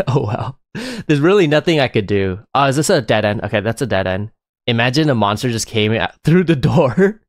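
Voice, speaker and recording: Excitable man streaming a game. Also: mid-range voice, moderate pace, no room sound, clean studio sound. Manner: excitable, chatty, laughs often. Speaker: live streamer. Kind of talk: live gameplay commentary.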